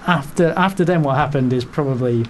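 A man hosting a casual football podcast, rambling with jokes and quick asides. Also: medium pitch, slight background noise. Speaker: podcast host.

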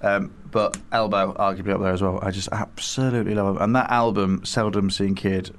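A man's voice: fairly low pitch, fairly even intonation, fairly quick, a little hiss or hum. A man chatting as a radio guest, rambling and enthusiastic, with lots of hesitations and restarts. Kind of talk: casual radio chat. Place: radio studio.

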